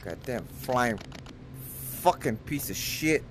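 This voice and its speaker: Casting: drunk male gamer with hiccups, slow, swings up and down in pitch, swears constantly, faint noise behind. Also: animated. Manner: cursing, frustrated, muttering to himself. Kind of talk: profane gameplay commentary.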